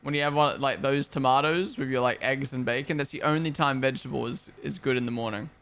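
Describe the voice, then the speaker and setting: A man's voice: mid-range voice, fairly even intonation, fast talker, fairly bright tone, smooth. A young man from Australia and New Zealand, chatting casually on a live stream into a headset, rambling and opinionated, swearing freely. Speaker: streamer hosting a race watchalong. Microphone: gaming headset.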